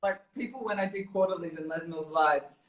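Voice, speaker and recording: A woman's voice: fairly low pitch, a little fast, a loud crowd. A woman who is a fitness program director, chatting casually and animatedly on a live video call, laughing often. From New Zealand. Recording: roomy echo.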